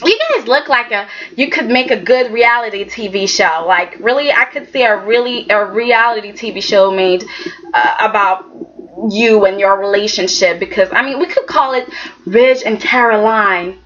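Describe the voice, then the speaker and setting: A woman chatting casually as a soap opera reviewer, animated, sassy and rambling. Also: mid-range voice, moderate pace. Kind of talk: casual chat. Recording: dull lo-fi recording.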